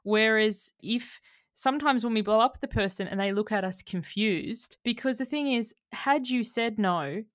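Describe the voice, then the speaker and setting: A middle-aged woman chatting on a podcast in a dry, close recording with almost no room sound. She tells stories with animated energy and slips into playful voices when she quotes people. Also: on the high side, moderate pace, no echo. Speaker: guest mindset coach. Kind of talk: casual podcast interview chat.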